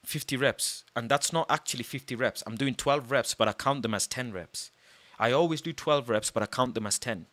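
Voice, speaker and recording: A man's voice: medium pitch, fairly quick, few pauses, a bit bright. A man streaming casually, boastful and heated, swearing a lot and using street slang. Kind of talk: casual livestream chat.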